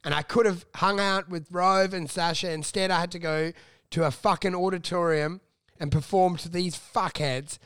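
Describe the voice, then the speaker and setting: A man, a comedian telling animated stories in casual chat, cursing freely and mimicking people. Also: moderate pace, clear, resonant tone, dry recording, studio quality. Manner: animated, swearing, mimics people with loud high voices. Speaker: comedian and podcast co-host.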